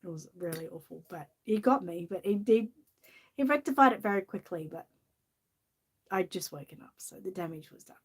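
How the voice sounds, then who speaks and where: A woman's voice: on the low side, animated, normal speed, breathy edge. Woman, Australian accent, giggly, chatty, casual talk, storybook reading. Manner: giggly, chatty, often laughing. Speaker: channel host.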